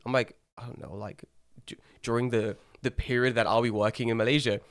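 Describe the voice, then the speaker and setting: A young man co-hosting a podcast, telling animated stories, swearing freely and acting out what people said. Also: medium pitch, fast. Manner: animated storyteller, swears freely, acts out quotes. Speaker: podcast co-host. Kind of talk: casual chat.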